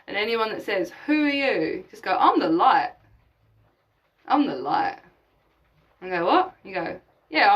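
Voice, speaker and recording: A woman's voice: a little high, a bit bright, far from the mic, low-quality recording. A woman hosting a live spiritual session, talking emphatically, swearing casually and acting out imagined conversations. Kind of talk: live-streamed spiritual talk.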